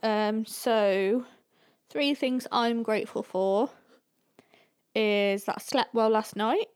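Woman, podcast co-host, relaxed casual chat, slightly high voice. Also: slow, clear, resonant tone. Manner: easygoing, guides the exercise.

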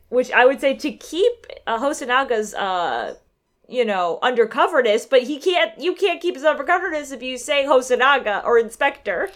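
Wry, slightly high-voiced woman chatting. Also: lively intonation, moderate pace. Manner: loose and wry, swears casually. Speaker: podcast co-host. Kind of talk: casual chat.

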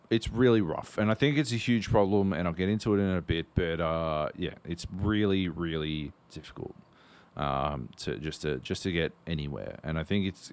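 A man's voice: low voice, clean tone. A man co-hosting a podcast in casual chat, telling a rambling story with plenty of swearing. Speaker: podcast co-host.

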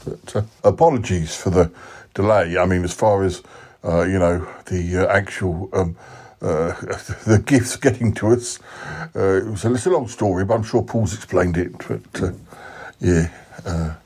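A man's voice: low voice, normal speed, darkish tone, breathy edge. A man voicing a rambling, hesitant older uncle who keeps magpies.

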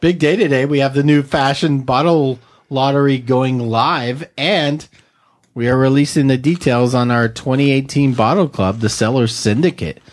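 Male podcast co-host, easygoing banter, quick to laugh, mid-pitched. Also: fairly even intonation. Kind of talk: casual chat.

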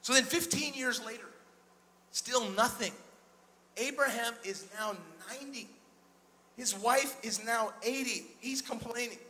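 A male pastor preaching an energetic sermon in a church, calling out to the congregation and retelling scripture in a casual, conversational way. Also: very high voice, a little slow, pauses often. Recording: long hall reverb.

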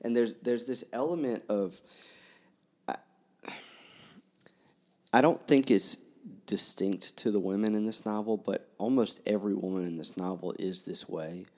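A man's voice: lowish voice, measured pace, long pauses, a little mellow. A man in a casual book discussion, musing aloud with restarts.

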